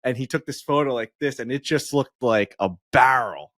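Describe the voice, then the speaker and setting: A man's voice: medium pitch, moderate pace, dry recording, clean studio sound. A man co-hosting a podcast in casual chat, telling stories with lots of fillers and acting out what others said. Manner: animated storyteller, filler-heavy, acts out quotes. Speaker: podcast co-host.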